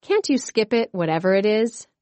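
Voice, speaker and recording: A woman's voice: mid-range voice, animated, normal speed, a little mellow, dry recording, close to an everyday voice. A woman voicing an eager, outspoken sixth-grade girl in a storybook reading. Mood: pleading. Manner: eager, bold.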